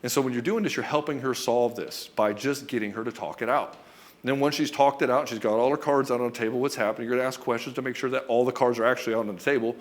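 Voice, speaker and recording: Male relationship coach, mid pitch, rapid and emphatic, blunt with frequent profanity. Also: fairly even intonation. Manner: acts out short quoted lines in other voices. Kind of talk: direct-to-camera coaching talk.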